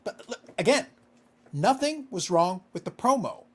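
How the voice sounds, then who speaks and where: A man's voice: sits high, big pitch swings, moderate pace, slightly rough. A man co-hosting a casual podcast, ranting with exasperation and swearing freely. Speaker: podcast co-host.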